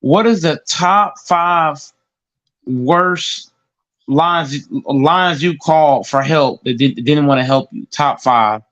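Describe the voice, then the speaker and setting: A man's voice: fairly high pitch, slow pace, fairly bright tone. A man in casual podcast chat who stammers and repeats words as he talks. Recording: dull lo-fi recording.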